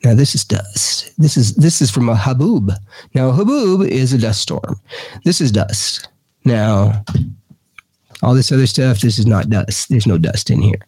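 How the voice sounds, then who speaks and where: A middle-aged man from Texas, a guest telling stories animatedly, his voice jumping up high for emphasis. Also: lively intonation, measured pace, darkish tone, breathy edge, no echo. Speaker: guest, paranormal investigator. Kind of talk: casual storytelling.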